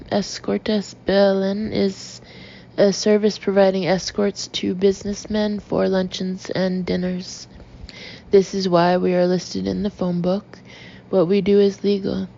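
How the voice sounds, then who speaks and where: A woman voicing a slick, careful male agency boss who talks smoothly and politely but stays guarded, on a dull lo-fi recording. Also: medium pitch, level tone, slow pace, mellow. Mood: cool.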